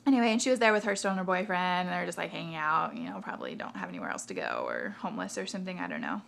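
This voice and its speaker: A young woman rambles through a story with lots of asides, her voice lively and full of ups and downs. It has a gravelly, creaky texture, with a faint hiss of noise behind her. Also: on the low side, racing. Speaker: vlogger. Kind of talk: casual storytelling.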